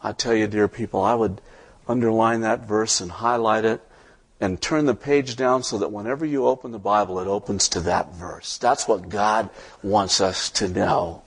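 A man's voice: lowish voice, steady tone, normal speed, husky. A male pastor preaching a sermon, reading scripture aloud and building to impassioned emphasis.

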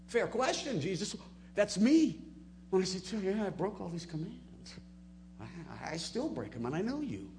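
Dynamic male preacher, hushed to booming. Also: noisy background. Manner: dynamic preaching, swinging from hushed low asides to loud emphatic peaks. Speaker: pastor. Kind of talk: sermon.

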